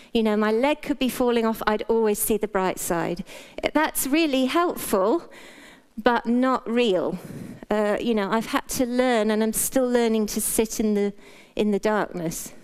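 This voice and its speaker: A woman's voice: fairly high pitch, clean tone. A middle-aged British woman, a doctor, giving a frank, playful motivational talk in a conversational way. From Britain. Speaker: doctor and speaker.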